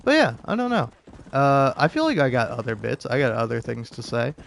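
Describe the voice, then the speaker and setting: A man's voice: mid-range voice, big pitch swings, a little fast, creaky, a little hiss or hum. A young man streaming a game, rambling in casual chat with lots of fillers and restarts, sarcastic and profane.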